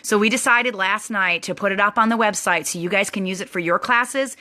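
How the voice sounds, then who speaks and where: A woman host telling a lively personal story to her online audience, bubbly and chatty with lots of likes and restarts. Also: mid-range voice, brisk.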